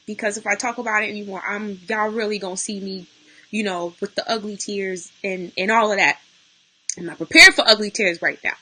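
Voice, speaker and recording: Near tears and losing her voice, a woman speaks live and unscripted to her stream, working through grief and breaking off mid-sentence to greet viewers. Her voice is bright and mid-range, steady in tone, and brisk. The recording is rough.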